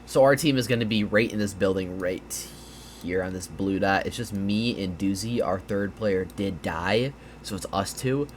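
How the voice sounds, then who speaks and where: At normal speed and in a deep voice, a man casually breaks down gameplay over a map. He sounds tired and yawns, rambling somewhat with fillers and restarts, and a faint hiss or hum runs underneath.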